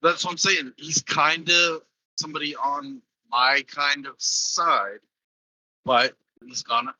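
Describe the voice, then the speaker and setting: A man co-hosting a casual commentary chat, asking questions and musing in a halting way. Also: fairly high pitch, steady tone, sharp tone, poor audio. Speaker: podcast co-host.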